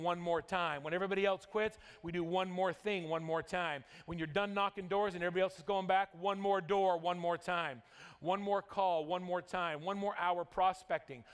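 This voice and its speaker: A man's voice: sits high, fairly bright tone. A man from Utah giving an emphatic keynote speech at a conference, telling a story and dropping his voice for dramatic moments. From Utah, USA. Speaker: motivational speaker. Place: large conference hall. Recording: long hall reverb.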